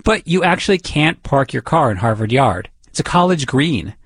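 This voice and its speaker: A man's voice: mid-range voice, expressive, normal speed, fairly bright tone, husky, dry recording. A man reporting a feature story and interviewing people in a curious, conversational way.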